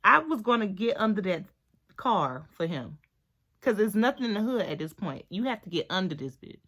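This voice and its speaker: A young woman vlogger chatting through a storytime while doing her hair, animated and talkative, sometimes dropping to a hushed voice. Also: mid-range voice, normal speed. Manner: animated, chatty, drops to near-whisper at times.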